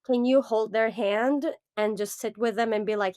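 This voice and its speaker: Woman, podcast co-host, earnest casual chat, fairly high voice, dry close sound. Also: normal speed, dry recording. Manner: animated, earnest, lots of fillers.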